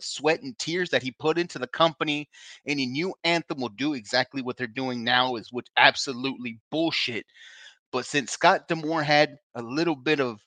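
A man hosts a podcast and vents in a heated, profane, frustrated rant. His voice is tense and forceful and sits a little high. The sound is close and dry. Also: no room sound. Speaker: podcast host. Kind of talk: emotional wrestling rant.

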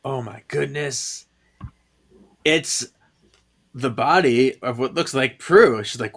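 A man's voice: medium pitch, slow, fairly bright tone. A man co-hosting a podcast, recapping a comic in casual chat, laughing often and quoting the characters loosely. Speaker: podcast co-host.

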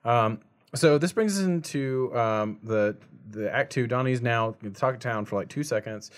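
A man co-hosting a casual movie-review podcast, sarcastic and quick to laugh. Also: mid-range voice. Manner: sarcastic, jokey, laughs often. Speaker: podcast co-host.

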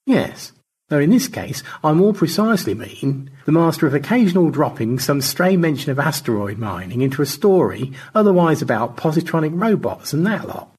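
A man's voice: sing-song, normal speed, darkish tone, slightly rough. A man playing a pompous old space adventurer. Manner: grandiloquent, high and theatrical.

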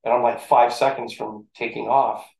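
Gravelly-voiced man telling stories. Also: medium pitch, moderate pace. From St. Catharines, Ontario, Canada. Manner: animated storyteller who acts out the voices in his story. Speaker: former football player, interview guest. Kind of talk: casual storytelling interview. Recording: echoey room.

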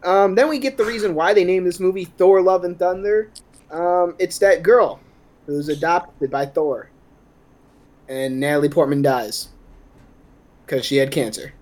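A man's voice: sits high, a little slow, long pauses, darkish tone. A man giving a rambling, sarcastic, profane movie recap on a podcast. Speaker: podcast co-host.

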